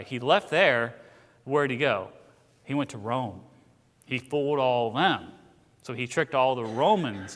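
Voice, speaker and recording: A man's voice: medium pitch, fairly bright tone. A man teaching a casual church Bible class, telling stories in a conversational way with asides. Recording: church hall with long reverb.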